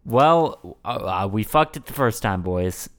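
A man's voice: lowish voice, lively intonation, measured pace. A man hosting a podcast, profane and teasing in casual banter with his co-hosts. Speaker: podcast host.

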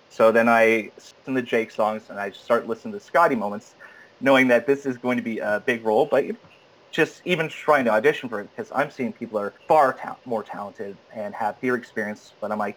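The recording is rough and the man talks a little fast, recounting an audition as a guest in an easygoing way. He animatedly voices the quoted dialogue, shooting suddenly up in pitch, and frequently stammers and restarts.

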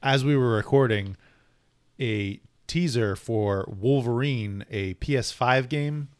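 A thoughtful man co-hosting a comic book podcast in a middling voice, recorded dry and close. He talks in a measured way, often restarting a phrase before he gets it out. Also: medium pitch, clean tone, dry recording. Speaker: podcast co-host. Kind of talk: casual comic book chat.

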